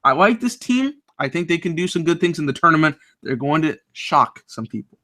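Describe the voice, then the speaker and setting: A man's voice: a little high, sing-song, fairly quick, pushed and bright. A young man co-hosting a casual sports chat over a video call, upbeat as he talks through his picks. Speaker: co-host making bracket picks.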